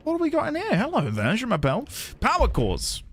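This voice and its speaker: A man's voice: extremely high pitch, huge pitch swings, brisk, a bit bright, husky. A man giving casual live-stream commentary, chatting with viewers while he plays and thinks aloud. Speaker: streamer playing a video game.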